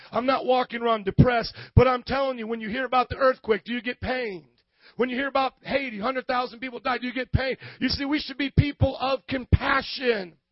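A male pastor preaches with fervor, his voice sitting very high and climbing into shouts. The sound is dry and a little muffled, with no room around it. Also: dry recording. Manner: impassioned preaching, rising to shouts. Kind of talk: sermon.

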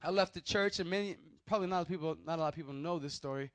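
Animated preaching man, dry close sound. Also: a little high, racing, no room sound. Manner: animated storytelling, calls out "Hello?" to the listeners. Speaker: youth pastor. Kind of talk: sermon testimony.

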